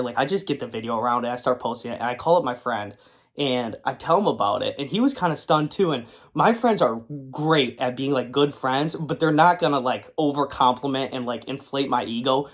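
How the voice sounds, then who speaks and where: A man's voice: medium pitch, brisk. Rambling young man telling a story. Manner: rambling, animated anecdote with many fillers. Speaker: comic collector and video creator. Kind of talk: casual storytelling to camera. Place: his car, in a parking lot.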